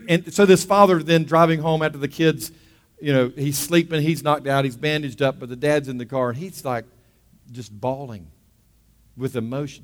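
A middle-aged man preaching a sermon. He moves from hushed storytelling to loud, fervent preaching. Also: fairly high pitch. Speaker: pastor.

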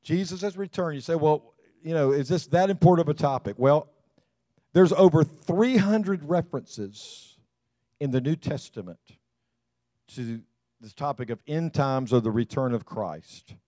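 A man's voice: fairly high pitch, lively intonation, unhurried, mellow, no room sound. Folksy preacher man. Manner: folksy, emphatic preaching with rising intensity. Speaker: pastor. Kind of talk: sermon.

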